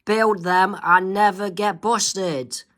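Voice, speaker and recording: Give me a man playing an exasperated teenage girl with a high, pushed voice. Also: steady tone, slow, bright, forceful tone, a little hiss or hum, full character voice. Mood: puzzled.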